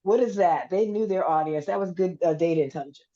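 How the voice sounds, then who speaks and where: A woman's voice: lowish voice, fast, lo-fi sound, crowd noise. A woman hosting a podcast, telling stories in casual chat, acting out what people said and swearing freely. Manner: animated storytelling, acts out quotes, swears freely. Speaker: podcast host. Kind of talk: casual conversation, storytelling.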